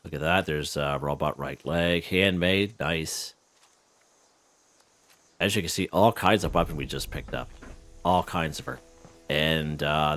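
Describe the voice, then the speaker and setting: A man casually commenting on his own gameplay in a relaxed, rambling way, chuckling often. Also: extremely low pitch, no echo. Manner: relaxed, chuckling, lots of fillers and restarts. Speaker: gaming channel host.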